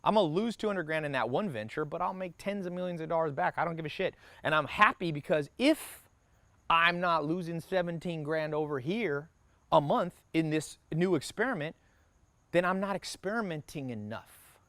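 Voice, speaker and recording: A man's voice: fairly high pitch, animated, sharp tone, no echo. A man giving a motivational business workshop talk, brash and profane, speaking in punchy short sentences and acting out the people he quotes. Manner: acts out quoted people in quick asides. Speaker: business mentor.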